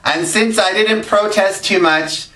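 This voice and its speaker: A man's voice: sits high, measured pace. A man hosting a web series, telling self-deprecating comic stories full of pop culture jokes. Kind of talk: comic monologue. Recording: echoey room, distant mic, music underneath.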